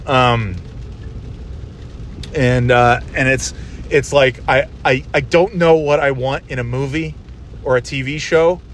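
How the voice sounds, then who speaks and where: A man's voice: mid-range voice, steady tone, takes it slowly, long pauses. Solo host, man, loose rambling talker who swears casually; recorded in a car with faint road hum. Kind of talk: casual monologue while driving. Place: inside a car.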